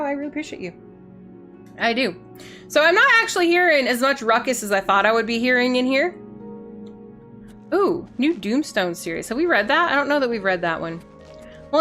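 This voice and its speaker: A woman's voice: on the high side, a bit bright. A woman streaming a video game, chatting playfully and a bit silly with her viewers as she plays. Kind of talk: casual gaming stream chat.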